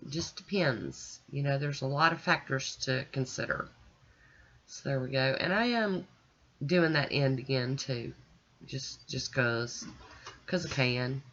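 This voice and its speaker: A woman's voice: rumbling low, measured pace, a bit bright, muffled recording. A woman hosting a nail art channel, sounding stuffy and nasal from her sinuses, chatting and gushing as she demonstrates. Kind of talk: casual demonstration chat.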